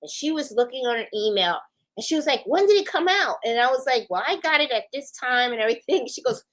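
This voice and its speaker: Middle aged lady hosting a craft vlog, chatty, laughs a lot, bit high voice. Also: fast talker, low-quality recording. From Puerto Rico. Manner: animated, laughing, acts out voices in quotes. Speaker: sewing channel host. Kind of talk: casual storytelling chat.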